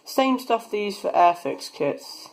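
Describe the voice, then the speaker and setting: Filmed on his phone, a teenage rocketry hobbyist talks loosely and wanders from topic to topic while assembling a model rocket. He speaks in a high, sing-song, unhurried voice with vocal fry, and the audio is poor.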